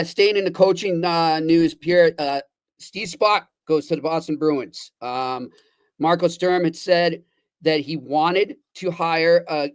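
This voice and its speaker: A man's voice: a little high, clean tone, dry recording. A man co-hosting a hockey podcast, chatting casually and feeding questions to his partner. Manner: conversational, feeds questions, frequent short agreements. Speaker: podcast co-host.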